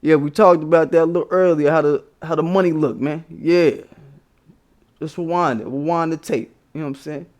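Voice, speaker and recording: A man's voice: on the high side, fairly even intonation, brisk, darkish tone. Profane, emphatic man ranting live. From United States. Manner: profane, emphatic, laughing scornfully. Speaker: livestream host. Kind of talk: casual political rant.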